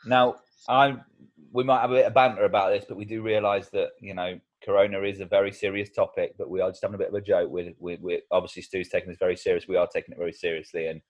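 A man's voice: sits low, level tone, quick pace, dull audio. A man co-hosting a casual comedy podcast, joking, laughing often and rambling with restarts. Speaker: podcast co-host.

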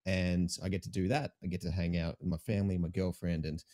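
A young Australian man with a fairly low voice talks through his routine in an easygoing way. He is a streamer guesting on a casual show, and his speech is upbeat and full of slang. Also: little pitch movement, brisk, dark tone. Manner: laid-back, upbeat, slangy. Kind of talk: casual chat.

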